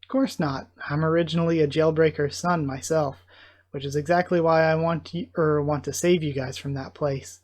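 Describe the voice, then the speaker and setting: A calm, steady border patrol captain, read aloud by a man with a slightly high voice. He sounds reassuring and measured, like a manga character being read out. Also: close to an everyday voice.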